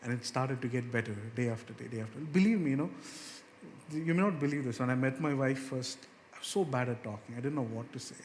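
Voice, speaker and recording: A male pastor delivers an earnest sermon at an ordinary pitch, lifting his voice and slowing down whenever he quotes scripture. His words ring out with the long reverb of a church hall. A faint murmur of room ambience sits underneath. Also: darkish tone, slight background noise. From India. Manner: earnest, rises in pitch and slows down on scripture verses.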